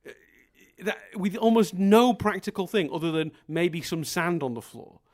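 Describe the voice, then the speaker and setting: A man's voice: high-pitched, expressive, moderate pace. A man co-hosting a film review podcast in casual chat, ranting emphatically, swearing and laughing often. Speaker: podcast co-host.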